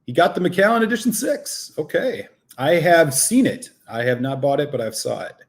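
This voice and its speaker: A man's voice: fairly high pitch, lively intonation, normal speed. A man hosting a live whisky stream, chatting casually and greeting viewers by name, a little out of breath after a run.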